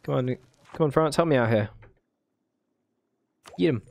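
A man's voice: on the high side, lively intonation, moderate pace, creaky, pauses often, darkish tone. A man hosting a strategy game video, commentating casually, joking, and talking to his units as he plays. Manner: playful, muttering, talks to units in game. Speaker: gaming video host. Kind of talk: let's play commentary.

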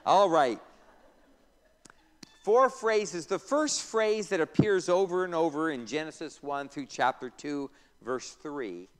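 A man's voice: a little high, expressive, takes it slowly, smooth. A man, a pastor, teaching a Bible class in a church. He tosses in joking asides, reads scripture aloud and quizzes the class. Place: church room. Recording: reverberant church hall.

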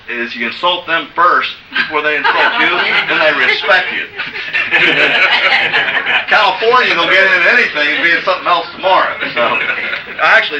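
A man's voice: fairly high pitch, noisy background. A man giving a motivational business seminar, emphatic and coaxing, often checking in with his audience. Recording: echoey room from far off.

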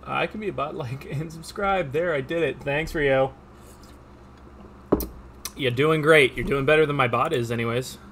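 A man's voice: a little high, moderate pace, long pauses, fairly bright tone, a little hiss or hum. A man casually commentating his own game stream, chatty and upbeat, talking to his viewers as he plays. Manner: chatty, upbeat, talks to himself and chat.

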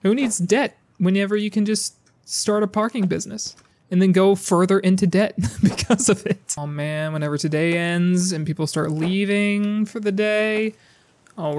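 Sarcastic, profane gamer. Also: male voice, high-pitched, a little mellow. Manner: profane, sarcastic, jokey, talks to the game characters. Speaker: gaming YouTuber. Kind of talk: casual gameplay commentary.

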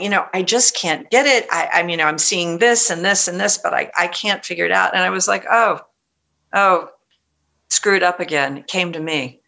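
Middle-aged woman novelist chatting in an interview, bright lively voice, lots of restarts. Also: on the low side. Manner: animated, frequent restarts, quotes others in lively voice. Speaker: novelist guest. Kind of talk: conversational interview storytelling.

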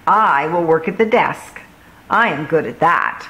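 A woman's voice: low-pitched, expressive, unhurried, pushed and bright, heavily acted, poor audio. A woman doing a breezy, carefree shopkeeper. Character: cheerful, carefree female shopkeeper.

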